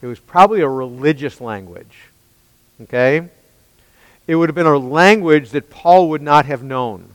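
A man's voice: fairly high pitch, moderate pace, dry recording, in a large hall, low-quality recording. A man preaching an expository sermon, emphatic and pressing his listeners with rhetorical questions. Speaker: pastor.

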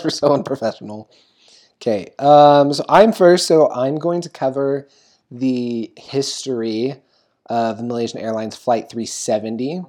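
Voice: mid-range voice, unhurried, darkish tone. A young podcast host chatting casually, rambling through notes with frequent ums and giggles. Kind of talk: casual chat.

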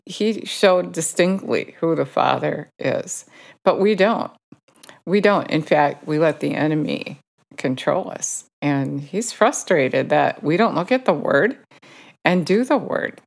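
Low-voiced woman giving an informal sermon. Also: animated, slow pace, creaky. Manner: conversational, self-correcting while quoting scripture. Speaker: Bible teacher.

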